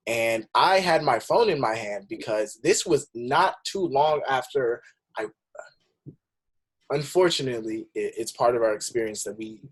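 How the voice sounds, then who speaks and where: A man's voice: medium pitch, lively intonation, slightly rough. A young man from the Bay Area speaking earnestly in casual conversation, often restarting his words. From San Francisco Bay Area. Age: young adult. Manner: earnest, halting with repeated restarts. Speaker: panel guest.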